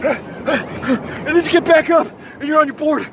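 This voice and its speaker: A man doing a comedic surfer monologue, rambling in surfer-bro slang and acting out his story with loud sound effects and yells. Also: extremely high pitch, unhurried, gravelly, hardly any pauses, background noise. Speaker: comedic host. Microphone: phone.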